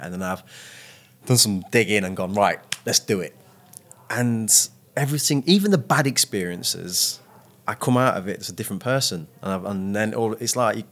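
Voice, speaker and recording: Low-voiced man telling stories in an interview. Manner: reflective, animated when telling stories. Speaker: guest. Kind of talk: podcast interview.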